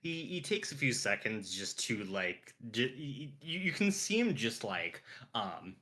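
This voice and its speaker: A man's voice: medium pitch, very animated, a little slow, pushed and bright. A man playing in a tabletop game, describing his character hesitantly and searching for words. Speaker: player.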